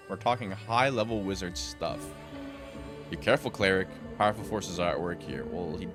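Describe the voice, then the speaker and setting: Streaming a role-playing game, a man with a low, deep voice reads its dialogue aloud, giving characters distinct voices and adding dry casual asides between lines, with quiet game music underneath.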